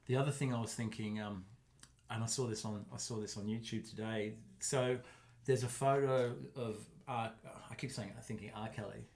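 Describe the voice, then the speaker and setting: A man's voice: mid-range voice, steady tone, moderate pace, darkish tone. A middle-aged man, co-hosting a podcast in rambling, joking casual chat full of restarts. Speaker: podcast co-host.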